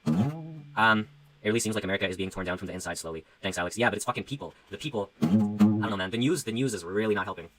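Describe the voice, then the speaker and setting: Fast-talking guy, rambling and profane. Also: fairly low pitch, over music, poor audio. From Canada. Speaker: livestreamer and musician. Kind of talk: casual livestream chat.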